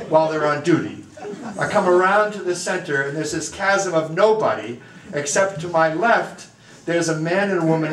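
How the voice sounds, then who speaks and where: A man, a priest, telling a self-deprecating funny story to a parish group in a lively, anecdotal way. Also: fairly high pitch. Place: church or parish hall. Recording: echoey, distant mic, faint room noise.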